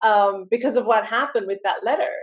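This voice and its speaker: A woman's voice: mid-range voice, brisk. Reflective woman podcast guest. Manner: reflective, thoughtful, with frequent fillers. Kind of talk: casual conversation.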